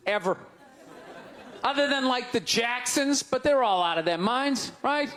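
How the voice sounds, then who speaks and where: A man doing stand-up comedy, ranting loudly and incredulously, shouting his punchlines to an audience on stage with a handheld mic. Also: extremely high pitch. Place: large comedy venue on stage. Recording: live show with crowd laughter and noise. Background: audience laughing and groaning.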